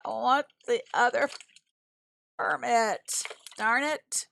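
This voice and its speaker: With a slow, gravelly voice that sits on the high side and sounds a bit bright, an American woman streams a mobile farming game. She chats casually with viewers, reads their messages aloud, and talks herself through every move.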